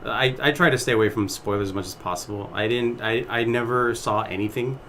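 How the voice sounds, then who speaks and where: A man co-hosting a casual gaming podcast, speaking hesitantly with lots of fillers and quick reactions. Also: mid-range voice, fairly even intonation, a bit bright, slight background noise.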